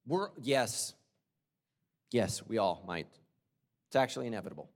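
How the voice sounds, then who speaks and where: A man preaching a sermon as pastor, moving between loud outbursts and quiet confession, with humorous asides. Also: lowish voice, expressive, moderate pace. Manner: humorous asides and acted-out quotes. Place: large church auditorium. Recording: long reverb of a large hall.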